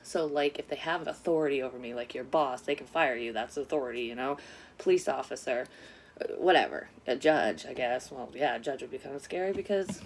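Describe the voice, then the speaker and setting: A woman's voice: very deep voice, a little fast, slight background noise. A woman vlogger telling a personal story in a casual, rambling way, swearing often and drifting onto side topics. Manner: rambling, frequently sidetracked; swears often, frank and confessional. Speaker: psychic medium vlogger.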